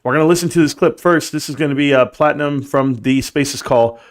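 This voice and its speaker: A man's voice: a little high, brisk. A man hosting a live stream from his computer, hyped and boastful, talking straight to his chat viewers. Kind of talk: casual live stream commentary.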